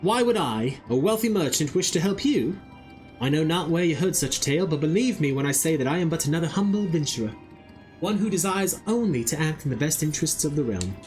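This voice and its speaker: A courtly merchant , as a man puts him on, speaking in formal, old-fashioned phrases with a coy, humble air. The pitch rises and falls in a lively way, over faint game music. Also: brisk, close to an everyday voice. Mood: smooth. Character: smooth, courtly male merchant feigning humility.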